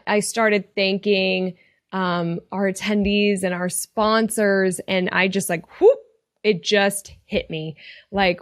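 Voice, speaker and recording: Hosting a retail podcast as a retail coach, this woman offers casual motivational talk full of sincere encouragement and visible emotion. Her pitch is medium, and the studio-quality audio has no room sound.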